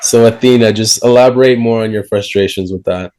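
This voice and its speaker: A man hosting a reality show reunion, leading the recap with steady questions. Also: fairly low pitch, brisk, poor audio. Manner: steady, leads the talk with questions. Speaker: reunion host.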